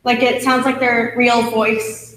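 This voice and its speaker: A young woman chatting casually during a rehearsal mic check, talkative and quick to laugh. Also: fairly high pitch, little pitch movement, a bit bright. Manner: chatty, laughs easily, restarts sentences. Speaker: actor in a stage rehearsal. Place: large echoey hall. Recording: echoey room, distant mic, faint hum.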